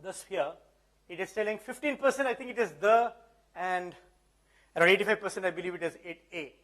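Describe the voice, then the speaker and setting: High-voiced man giving a live demo. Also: fairly quick, a bit bright. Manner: conversational, keeps checking the audience understands. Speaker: presenter. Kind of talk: live tech demo talk. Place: event hall.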